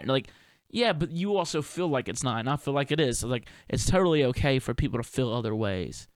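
A man's voice: on the high side, lively intonation, brisk, hardly any pauses, no echo, studio quality. A young man hosting a solo podcast, musing in a loose, profane, laid-back way full of slang and fillers. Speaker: podcast host and touring performer. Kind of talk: rambling solo podcast monologue.

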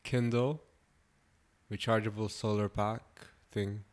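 A man's voice: lowish voice, level tone, takes it slowly. A man in a casual podcast chat, talking hesitantly with lots of fillers and laughs.

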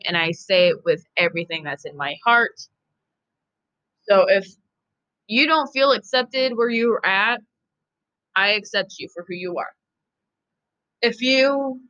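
A woman's voice: mid-range voice, fairly bright tone, dull audio. A woman hosting a podcast, talking in a casual, profane, emphatic and rambling monologue. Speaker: podcast host.

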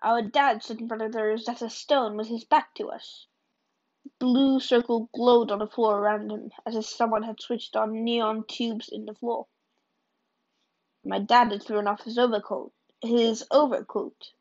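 Higher-voiced woman reading a book chapter, plain delivery with slips, dull lo-fi recording. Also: flat delivery, moderate pace, a little mellow. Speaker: reader of a novel.

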